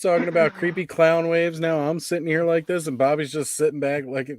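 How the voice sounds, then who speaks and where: A man's voice: on the high side, level tone, a little fast, darkish tone, slight background noise. A man hosting a podcast, chatting casually with joking, easygoing banter. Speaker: podcast host. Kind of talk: casual chat.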